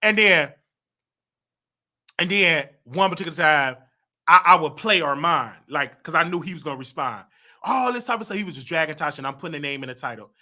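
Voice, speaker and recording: Male host, bright voice, rambling casual storyteller who keeps repeating himself. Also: a little high, expressive, a little fast. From United States. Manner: rambling, repetitive, acts out others' lines. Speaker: show host.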